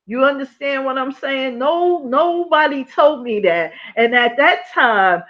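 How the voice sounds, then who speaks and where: Slow, chatty woman vlogger, lo-fi sound. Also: sits high, lively intonation. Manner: chatty, asks viewers "you know?" often; acts out past dialogue in her own voice. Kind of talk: casual storytelling to live viewers. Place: her apartment. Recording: dull lo-fi sound.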